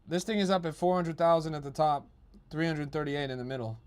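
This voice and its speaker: A young man hosts a crypto livestream, reading viewer messages aloud and tearing into them with profanity and mockery. His voice sits somewhat high for a man. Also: fairly quick, smooth. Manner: profane, mocking, rants at chat. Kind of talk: livestream chat commentary.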